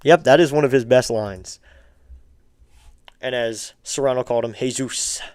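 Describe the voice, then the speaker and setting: A man with a smooth, resonant voice calls the pitches of a baseball game for his live stream. He keeps it loose and chatty between pitches, greeting the chat and pushing for likes and subs. The sound is close and dry, with no room around it. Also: moderate pace, a little mellow, no echo. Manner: casual, chatty, asking viewers for likes and subs. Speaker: streamer doing play-by-play.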